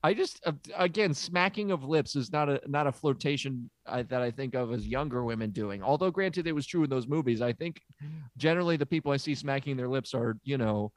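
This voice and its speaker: A man's voice: medium pitch, animated, fairly quick, no room sound. A man hosting an improvised comedy as a therapist, hesitant and full of fillers. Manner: hesitant, full of uh and um, self-deprecating. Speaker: host playing a therapist. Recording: dry close studio sound.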